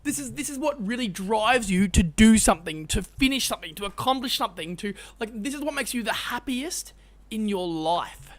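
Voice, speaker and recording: A man co-hosting a casual podcast from his parents' house over a call, tired but excitable and rambling. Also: high-pitched, fairly quick. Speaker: podcast co-host.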